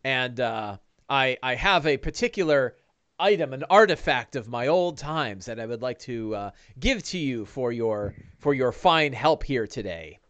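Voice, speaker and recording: A man voicing an older male farmer and retired adventurer, loud and effusively grateful. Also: medium pitch, lively intonation, unhurried, clear, resonant tone.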